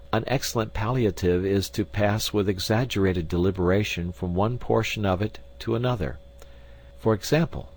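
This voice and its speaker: A man with a fairly low voice narrates an essay for an audiobook. His reading is measured and formal, taking each clause in turn. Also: rough recording. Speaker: audiobook reader.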